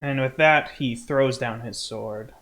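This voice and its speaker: Slow, relaxed male game master. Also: medium pitch, faint music behind. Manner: relaxed, filler-heavy explaining. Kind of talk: running a tabletop game.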